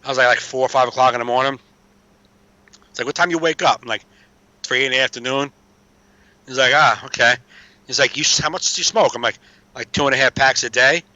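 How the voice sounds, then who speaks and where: A man's voice: mid-range voice, brisk, long pauses, bright, forceful tone, dry recording, dull audio. A man telling recovery stories in a casual chat, streetwise and swearing freely. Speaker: podcast guest.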